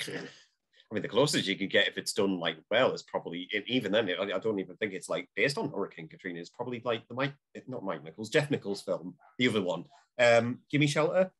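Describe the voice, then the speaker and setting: Rambling, halting man discussing films. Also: fairly low pitch, lively intonation, fairly bright tone, slightly rough. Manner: rambling, halting, many fillers. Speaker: podcast co-host. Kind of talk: casual film discussion.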